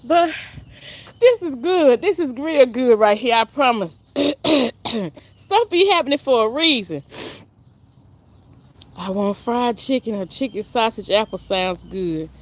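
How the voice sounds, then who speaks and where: A woman's voice: a little high, lively intonation, takes it slowly, pauses often. A woman, chatting and laughing with viewers on a casual live stream. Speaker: livestream host.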